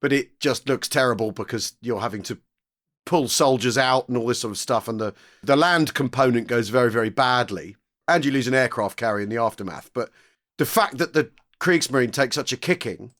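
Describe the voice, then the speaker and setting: A man co-hosting a podcast, laying out a point at length and then nudging the talk back on course. His pitch sits in a middle range, and he speaks in a relaxed, conversational way. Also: a little fast. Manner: explanatory, steers the chat. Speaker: podcast co-host.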